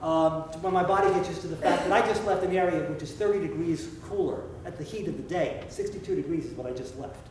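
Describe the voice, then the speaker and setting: Pastor preaching in an echoey church. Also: male voice, a little high, slight background noise. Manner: conversational preaching, slows for emphasis, asks questions. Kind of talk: sermon. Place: church sanctuary. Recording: echoey church heard from a distance.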